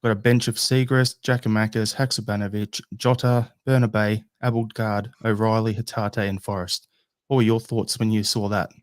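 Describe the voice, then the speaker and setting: Australian male host, monotone, smooth clean voice, relaxed and halting. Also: on the low side, no room sound, studio quality. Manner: easygoing, hesitant with fillers. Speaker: podcast host. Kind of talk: casual fan podcast hosting. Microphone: video call.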